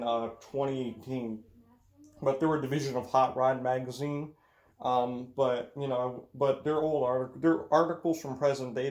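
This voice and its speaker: Rambling man with Midwestern-Southern accent. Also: medium pitch. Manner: chatty, meandering, many fillers and restarts. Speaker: racing channel host. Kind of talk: rambling casual vlog commentary. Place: home room with windows.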